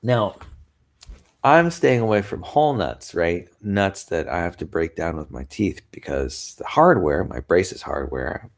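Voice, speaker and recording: Low gravelly-voiced man chatting casually. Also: lively intonation, measured pace. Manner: chatty, rambling, with frequent laughs and sighs. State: tired, yawning. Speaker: vlogger. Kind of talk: casual chat to camera.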